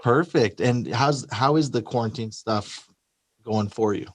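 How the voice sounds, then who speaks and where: A man's voice: medium pitch, measured pace, dry recording. A man hosting an interview, asking short friendly questions with a few "uh" fillers. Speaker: interview host.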